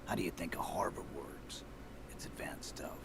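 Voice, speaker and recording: An actor playing a gruff, hostile dockworker gang leader who swears freely and talks down to people. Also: male voice, normal speed, whispered, lightly acted. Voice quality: gravelly. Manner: contemptuous, growling, swears freely. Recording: game audio with noisy ambience.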